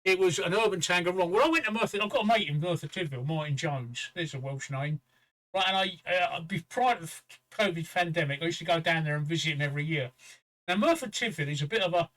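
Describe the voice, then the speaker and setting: An older Englishman co-hosting a casual livestream tells a story in a slightly high, fairly bright voice at a quick pace, though the audio is poor. He's chatty and swears freely, acting out the voices of people he quotes.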